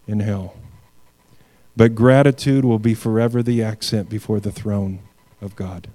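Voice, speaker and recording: A man preaching a sermon in earnest, with loud emphatic lines that drop to quiet, low endings and words repeated when he restarts. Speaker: pastor.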